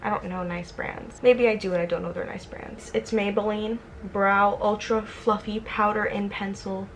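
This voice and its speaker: A woman in her twenties talks through her makeup routine in a casual, rambling way. She is chatty and self-deprecating, and her voice sits at an ordinary middle pitch. A faint hum of noise runs under the recording. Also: steady tone, moderate pace. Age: 20s. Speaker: vlogger. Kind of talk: casual get-ready-with-me chat.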